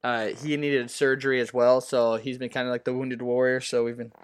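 Young man, smooth voice, halting casual talk. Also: medium pitch, level tone. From US Pacific Northwest. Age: young adult. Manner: halting, full of fillers and restarts. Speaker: baseball player guest. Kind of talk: casual interview.

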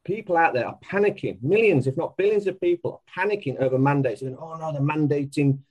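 Emphatic man, slightly high voice. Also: fast, breathy edge, highs cut off. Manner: emphatic and animated, with frequent laughs. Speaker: guest. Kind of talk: casual podcast conversation.

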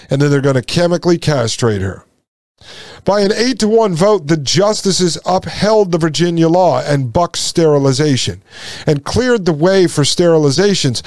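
A man's voice: on the high side, darkish tone, dry recording, clean studio sound. A man hosting a commentary show, reading out passages and reacting with emphatic indignation to his listeners. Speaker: podcast host. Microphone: sunglasses on camera, studio mic.

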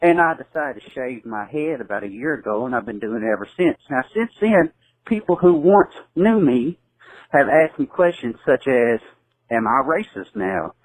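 A man's voice: medium pitch, animated, normal speed, low-quality recording. A man in his twenties from southern Kentucky with a Southern US accent, calling in to a podcast and asking an earnest question with some hesitation. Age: 20s. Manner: hesitant, earnest, lots of fillers. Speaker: caller.

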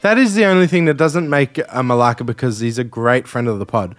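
A man's voice: medium pitch, fairly quick, no room sound, faint music behind. A young Australian man co-hosting a casual sports podcast, talking in a wry, laid-back way and laughing easily. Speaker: podcast co-host. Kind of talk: casual chat.

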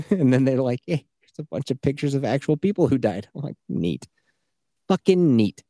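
Animated and brisk, with a warm mid-range voice, the man riffs through profane, loose stories on the podcast, putting on voices for quotes. The studio-quality sound is dry.

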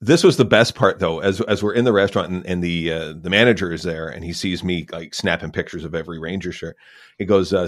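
Deep-voiced man telling a relaxed anecdote. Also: fast talker. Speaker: podcast co-host. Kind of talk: casual podcast chat.

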